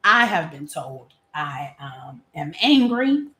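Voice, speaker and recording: Brief: a chatty, candid woman in her forties, lowish voice, recorded in an echoey room. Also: big pitch swings, takes it slowly, pushed and bright, slight background noise. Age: 40s. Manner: candid, chatty, laughs often, casual slang. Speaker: vlogger. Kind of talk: personal reflective monologue.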